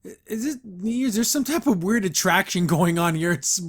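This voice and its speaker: A man's voice: sits high, lively intonation, normal speed. A male podcast host giving a casual recap of a cartoon episode, breaking in with mocking, disbelieving asides. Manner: mocking, incredulous asides with chuckles.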